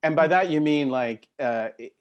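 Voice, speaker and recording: A man's voice: on the high side, normal speed, muffled recording, a loud crowd. A man from England moderating a panel discussion, talking conversationally and drawing the panelists out with follow-up questions.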